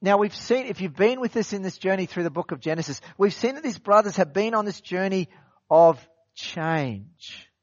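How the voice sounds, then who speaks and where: A man with a fairly high voice preaches a sermon in a relaxed, conversational way. He repeats phrases for emphasis and asks his listeners rhetorical questions. The recording is dry and a bit dull. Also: normal speed, no room sound. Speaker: pastor. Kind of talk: expository sermon.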